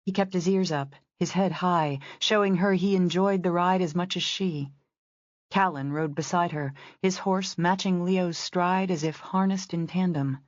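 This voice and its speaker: A woman narrating a romance novel as an audiobook in a steady, descriptive reading. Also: fairly low pitch, measured pace, no echo, highs cut off.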